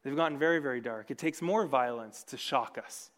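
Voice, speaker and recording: A man preaching a sermon in a church, earnest and conversational, with sudden swings between loud and soft. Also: mid-range voice, a little fast. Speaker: pastor. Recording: long reverb of a large hall.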